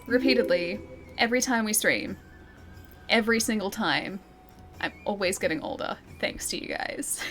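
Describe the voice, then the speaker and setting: A woman's voice: on the high side, fairly bright tone. A young woman live-streaming a game, chatting with her viewers in a giggly, teasing way. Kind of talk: live-streamed gameplay chat.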